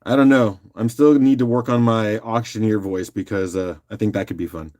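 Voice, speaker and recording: A man hosting a casual live-stream rock auction, joking and chatting with viewers by name in a loose, unhurried way. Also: on the low side, fairly even intonation, darkish tone. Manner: loose and unhurried, with fillers and restarts while doing other tasks.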